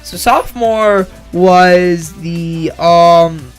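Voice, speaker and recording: Young guy rambling thru a story, kinda high voice, faint music behind, keeps correcting himself. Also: drawn-out words, smooth. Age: young adult. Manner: rambling, self-correcting, frequent swearing. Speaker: vlogger.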